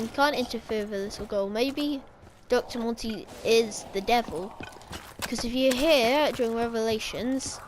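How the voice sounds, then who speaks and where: A woman's voice: fairly high pitch, noisy background. Rambling young-sounding woman over game gunfire. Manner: rambling, self-correcting, speculative. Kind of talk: casual game-lore vlog commentary. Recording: game gunfire playing behind.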